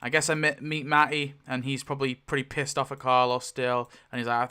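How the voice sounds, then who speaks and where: A man's voice: medium pitch, flat delivery, brisk, hardly any pauses, pushed and bright, clear, resonant tone. A man playing a tabletop roleplaying game solo, talking it through casually and thinking aloud with many fillers and self-corrections. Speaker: solo game player narrating.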